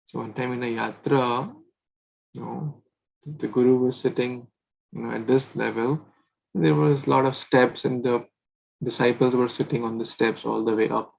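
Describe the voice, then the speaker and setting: This is a man leading a scripture reading group. His teaching is relaxed and chatty, and he often turns to the listeners to check they are following. His mid-pitched voice has a gravelly texture. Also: moderate pace, rough recording. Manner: chatty, keeps asking "right?". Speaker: scripture class leader.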